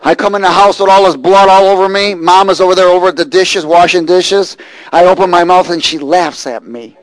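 A man preaching a sermon, reading scripture and telling a lively personal story. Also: sits high, brisk, some chatter behind, low-quality recording. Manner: animated storytelling, rising to shouts and laughter.

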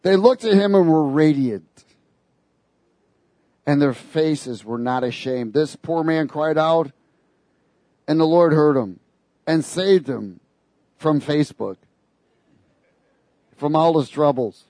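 A man preaching in an animated, sarcastic way, breaking into little laughs between his points. His voice sits fairly high for a man. The sound is dry and close, with no room around it. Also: slow, long pauses, no echo. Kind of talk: sermon.

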